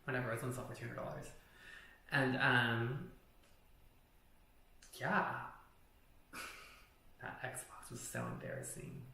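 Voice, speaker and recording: A young man recounts a personal story in a blunt, profane, candid way. His voice is gravelly and bright. The recording has a very roomy echo around it. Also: mid-range voice, wildly swooping pitch, a little slow, pauses often. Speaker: vlogger. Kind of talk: storytime vlog. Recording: very echoey room.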